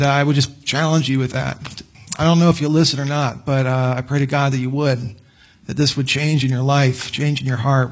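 A middle-aged man preaching a conversational sermon, sometimes acting out pleading prayers. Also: medium pitch. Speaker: pastor.

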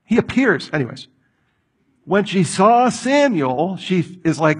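Husky animated male preacher. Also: high voice, slow pace. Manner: animated, acts out voices of the people in the story. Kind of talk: expository sermon.

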